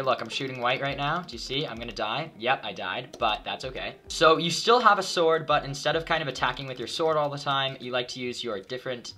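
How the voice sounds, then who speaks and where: A young man doing excitable, jokey commentary over his game as a gaming YouTuber. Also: mid-range voice. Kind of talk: gameplay commentary.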